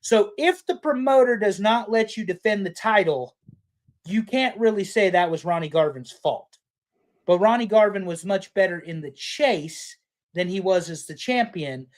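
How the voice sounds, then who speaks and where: A man's voice: high-pitched, expressive, moderate pace. A middle-aged man, a podcast co-host, rambling in casual chat with profane rants.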